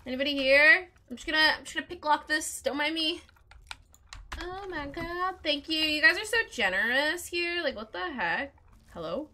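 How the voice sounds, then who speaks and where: A woman plays a role-playing game and narrates in a chatty, excitable let's-play style, talking to the characters on screen. Her high voice is bright and sharp, her pitch jumping around animatedly at a normal speed, with a little hiss or hum.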